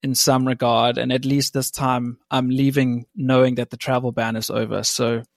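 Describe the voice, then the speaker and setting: Gravelly-voiced young man, laid-back. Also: medium pitch, flat delivery, moderate pace, dry recording, clean studio sound. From South Africa. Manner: laid-back, laughs while telling stories. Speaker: podcast guest. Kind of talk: casual chat.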